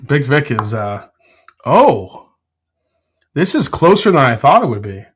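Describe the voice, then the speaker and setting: A man's voice: medium pitch, very animated, measured pace, slightly rough. A man hosting a casual live stream from his home whiskey room, laughing often, swearing freely and answering chat. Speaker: whiskey show host.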